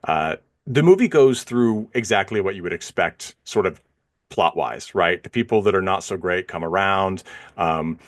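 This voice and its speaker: A man's voice: deep voice, animated, moderate pace. A man co-hosting a film podcast, talking casually and rambling with frequent fillers and restarts. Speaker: podcast co-host. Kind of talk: casual film review chat.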